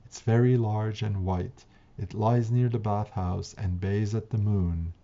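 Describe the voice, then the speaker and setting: A man reading the part of a hoarse, harsh older man who answers slowly and curtly, in a storybook reading. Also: fairly low pitch, fairly even intonation, dark tone. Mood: grim. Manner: slow and curt. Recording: dull lo-fi recording.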